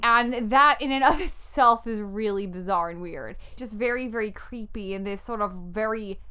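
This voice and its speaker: A woman co-hosting a podcast, talking about a show in an animated, amused way and laughing easily. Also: medium pitch, normal speed, clean tone. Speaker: podcast co-host. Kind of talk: casual chat recapping a show.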